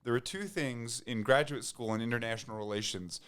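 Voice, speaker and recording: This American podcast guest has a clear, resonant, mid-range voice and talks fairly quickly. The conversation is loose and casual, and he rambles with many restarts and fillers, laughing whenever he gets excited.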